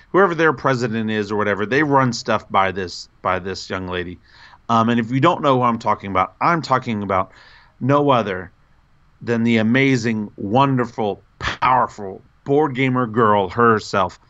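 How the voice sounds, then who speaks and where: Male podcast co-host, enthusiastic and effusive, average pitch, dull lo-fi recording. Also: moderate pace. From North Carolina, USA. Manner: gushing, animated, pitch jumps when excited. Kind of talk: casual podcast chat.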